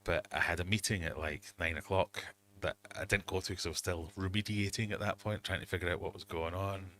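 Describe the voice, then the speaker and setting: A middle-aged man hosts a relaxed livestream from his fish room. His voice sits very low, and he tells long, self-mocking stories. A faint hum runs underneath. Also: fairly quick. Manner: rambling, self-mocking storytelling with quoted asides. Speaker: livestream host. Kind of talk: casual livestream chat.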